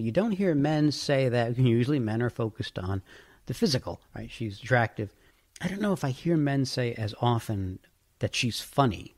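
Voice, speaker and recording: Male podcast host, casual explainer, chatty and thinking aloud. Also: medium pitch.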